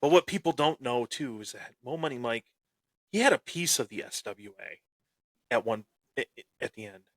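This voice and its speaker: Hosting a wrestling podcast, this man tells a tale full of cocky heel bravado, punctuated by abrupt loud outbursts and frequent repetitions. His mid-range voice has lively intonation and a moderate pace, captured in a dry recording.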